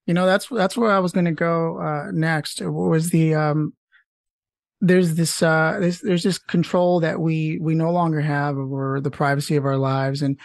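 Hesitant podcast host, slightly high voice. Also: male voice, steady tone, moderate pace, creaky, no echo, clean studio sound. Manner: hesitant, with fillers and restarts, laughs along. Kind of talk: casual interview.

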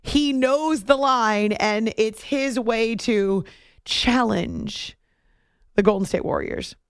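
A woman hosting sports radio in a casual, playful way, who sometimes breaks into high shouted impressions. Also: takes it slowly, clear, resonant tone, no room sound, studio quality. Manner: playful, tries high movie-villain shouts.

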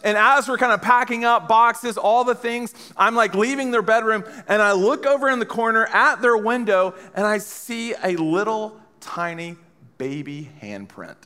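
A man's voice: high voice, moderate pace, bright, forceful tone, smooth, big-room sound. A man in his thirties giving a live talk to a college audience, telling stories with playful, self-mocking jokes and speaking straight to the room. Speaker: speaker at a college ministry gathering.

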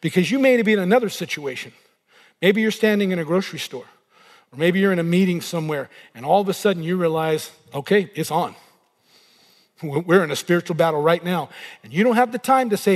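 Middle-aged pastor guy preaching, high voice, lots of reverb like a big church hall. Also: a little fast. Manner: animated, acts out inner voices and quotes. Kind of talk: sermon.

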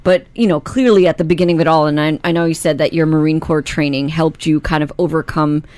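Chatty woman co-host with a low voice. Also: steady tone, quick pace, a little mellow, no room sound. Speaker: radio co-host. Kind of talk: casual chat and interviewing.

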